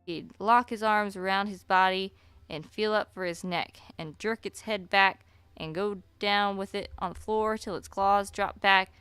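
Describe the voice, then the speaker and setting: A woman streamer reading a story aloud at a slow, deliberate pace, with chatty asides. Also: mid-range voice, steady tone, fairly bright tone, smooth, no room sound, soft background music.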